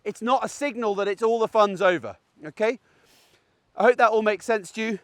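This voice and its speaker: Recorded dry with clean studio sound, a middle-aged dog trainer speaks in a high, fairly bright voice, a little fast. During a dog walk in a field, he gives a chatty outdoor tutorial on recall training and keeps checking in with "okay?".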